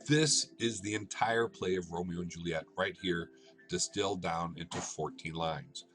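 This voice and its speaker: Deep-voiced man teaching a lesson. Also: a bit bright, soft background music. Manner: deliberate, breaks phrases into short pauses and checks in with listeners. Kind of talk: explanatory lesson.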